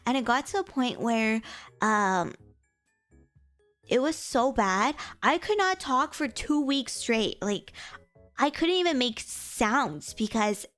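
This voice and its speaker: A young woman streamer chatting casually and tiredly, laughing often, moving between a higher voice and a lower natural voice. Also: expressive, takes it slowly, fairly bright tone, soft background music. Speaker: VTuber streamer.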